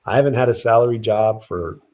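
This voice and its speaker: Lowish voiced guy, agreeable, kinda hesitant, casual chat. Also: a little fast, darkish tone. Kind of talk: casual podcast talk.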